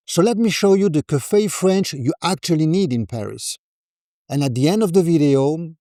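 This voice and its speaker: Calm man teaching café French. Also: fairly high pitch, no room sound, studio quality. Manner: calm, deliberate coaching, models phrases slowly. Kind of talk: scripted lesson narration.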